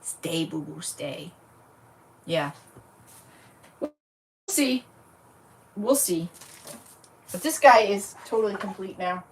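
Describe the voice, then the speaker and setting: A woman's voice: mid-range voice, animated, slow, long pauses, far from the mic. A woman chatting casually and thinking aloud while she works on a craft project on a livestream. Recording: voice set back from the mic, faint noise.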